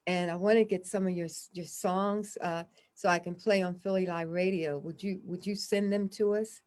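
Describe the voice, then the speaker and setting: A woman hosting a radio interview show closes out the conversation. She speaks in an unhurried, plain way, thanking her guest and stumbling a little as she restarts her sentences. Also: lowish voice, steady tone, darkish tone. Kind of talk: interview wrap-up.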